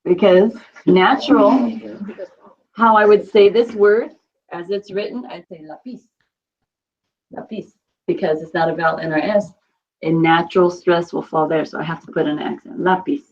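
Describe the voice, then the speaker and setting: A woman's voice: on the low side, steady tone, moderate pace, lo-fi sound. A woman teaching a Spanish class, patiently quizzing students and repeating their answers.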